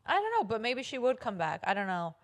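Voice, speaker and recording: A woman's voice: a little high, sing-song, a little fast. A woman co-hosting a podcast in casual chat, hesitant and chatty, with many fillers and self-corrections. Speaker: podcast co-host.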